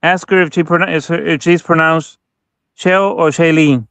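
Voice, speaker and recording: A man chatting casually on a livestream as co-host, halting and restarting his sentences often. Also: a little high, steady tone, gravelly, a bit bright, smooth, no echo.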